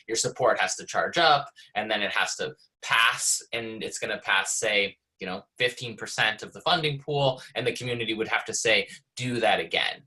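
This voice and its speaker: Man, bright voice, technical explanation, fillers and restarts, video call. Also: mid-range voice, rough recording. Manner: thinks aloud with many fillers and restarts. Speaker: presenter.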